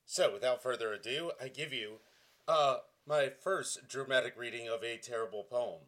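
A man's voice: mid-range voice, moderate pace, a bit bright. A man in his forties from Tennessee, giving self-mocking dramatic readings with a mock-dramatic, self-deprecating delivery. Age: 40s. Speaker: comedic vlogger.

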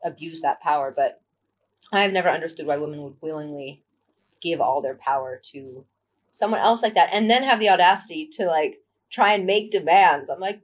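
A woman's voice: lowish voice, fairly quick. A woman co-hosting a podcast, frankly telling a personal story in casual chat, acting out quoted lines. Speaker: podcast co-host.

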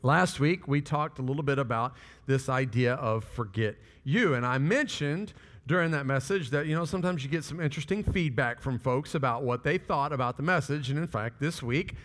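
A male pastor preaching a sermon, telling stories in a lively way and acting out the people he quotes. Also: mid-range voice, normal speed, in a large hall. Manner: animated storytelling with quoted voices.

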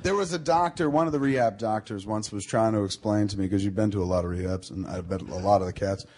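A man hosts a loose, casual conversation. His voice is husky and sits fairly low, and he tells long, rambling stories full of swearing. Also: fast, darkish tone. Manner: rambling, profane storytelling. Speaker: podcast host. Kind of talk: casual chat.

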